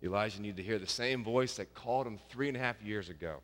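A man's voice: fairly low pitch, fast, a bit bright. Preacher man in a reverberant hall. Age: young adult or middle-aged, a father of young kids. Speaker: pastor. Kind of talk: sermon.

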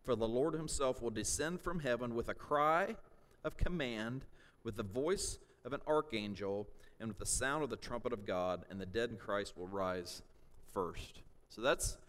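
A man of middle pitch preaching a teaching sermon, explaining verses step by step and checking in with "okay?" and "all right?". He swells into loud shouts to drive a point home. His voice rings with a long reverb, as in a large hall. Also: normal speed. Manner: rises to shouts for emphasis. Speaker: pastor.

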